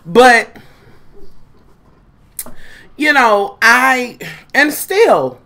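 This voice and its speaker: Profane, animated woman vlogger. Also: a little high, very slow. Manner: profane, dramatic, animated storytelling. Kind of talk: casual chat to viewers.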